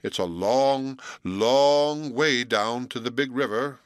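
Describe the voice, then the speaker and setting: A man voicing a slow, cautious male turtle in a storybook, drawing out his words. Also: mid-range voice, no room sound, clean studio sound, voice pushed up, close to an everyday voice. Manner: slow, drawn-out.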